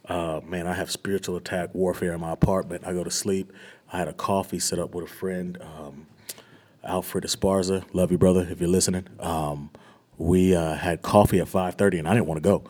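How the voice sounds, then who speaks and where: A young man with a deep, low-pitched voice tells his story as a pastor giving a testimony to a small group. He speaks earnestly and searchingly, his voice often sinking to a quiet, near-whispered hush. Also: steady tone, brisk.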